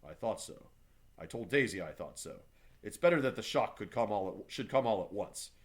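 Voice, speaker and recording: A man reading as a quiet, hesitant gentleman. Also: lowish voice, animated, moderate pace, close to an everyday voice. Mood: calm.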